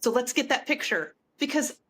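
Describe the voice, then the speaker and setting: A woman singer, a guest on a podcast, excitedly retelling a story with lots of restarts. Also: high-pitched, normal speed, a little hiss or hum. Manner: animated, breathless retelling with frequent "like" and restarts. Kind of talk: excited storytelling in casual chat.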